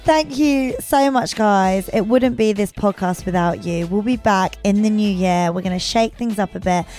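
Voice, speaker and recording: A woman's voice: mid-range voice, moderate pace, darkish tone, faint music behind. Teasing woman podcast co-host. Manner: teasing, giggly. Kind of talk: casual podcast chat.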